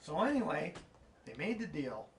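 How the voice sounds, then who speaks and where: A man's voice: a little high, big pitch swings, normal speed, slight background noise. Eager man retelling his dad's story. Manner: eager, laughing, prompting his dad. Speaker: channel host. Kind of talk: casual storytelling and viewer Q&A.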